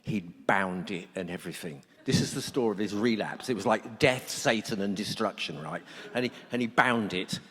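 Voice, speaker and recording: Speaking at a moderate pace with few pauses, this middle-aged man has a fairly low, somewhat bright and slightly rough voice. He tells blunt, joking stories in a humorous talk to a workshop crowd, recorded with long reverb in a conference hall.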